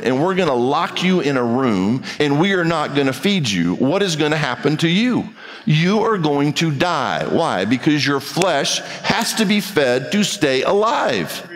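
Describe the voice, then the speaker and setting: A man's voice: on the high side, a bit bright, big-room sound. A man preaching a sermon as pastor, reading scripture and repeating key phrases for emphasis.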